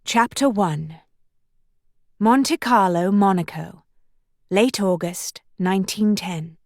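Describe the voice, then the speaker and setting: A woman narrating an audiobook in measured, even storytelling, recorded on a studio microphone. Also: medium pitch, no room sound. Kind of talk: scripted narration.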